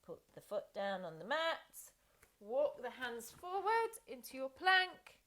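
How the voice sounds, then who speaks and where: A woman's voice: sits high, very animated, a little slow, fairly bright tone. A woman guiding a children's yoga and movement class, encouraging and playful as she talks the class through each pose. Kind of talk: guided class instruction.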